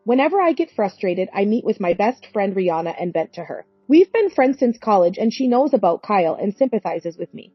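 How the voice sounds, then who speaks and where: A woman's voice: medium pitch, very animated, a little fast, hardly any pauses, husky, no echo, faint music behind. A woman in her forties narrating a story in an earnest, plaintive way. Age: 40s. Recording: dry, dull lo-fi recording.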